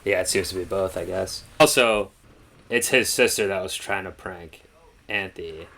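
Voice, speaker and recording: Gravelly low-voiced man chatting casually. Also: normal speed, pushed and bright. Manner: rambling, laid-back, filler-heavy. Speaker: co-host of a reaction show. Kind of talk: casual chat.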